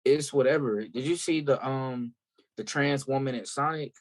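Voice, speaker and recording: A man's voice: mid-range voice, moderate pace. Candid storytelling man from South Carolina. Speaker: guest musician. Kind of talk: casual interview chat.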